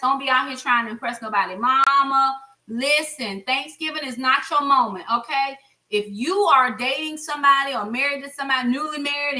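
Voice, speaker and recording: A woman's voice: high voice, pushed and bright. A middle-aged American woman chatting while she cooks in her home kitchen, giving blunt, friendly advice to her viewers. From United States. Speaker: cooking vlogger. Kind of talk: casual cooking vlog. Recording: voice a bit far from mic.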